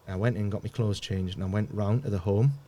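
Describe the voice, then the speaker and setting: A man, a podcast guest, telling a painful personal story in a halting way, often repeating words and dropping almost to a murmur. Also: lowish voice, steady tone, warm tone.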